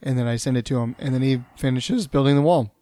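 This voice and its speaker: A man's voice: mid-range voice, fast talker, warm tone, no room sound. A man co-hosting a casual podcast chat, throwing in teasing, mock-serious quips. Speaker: podcast co-host.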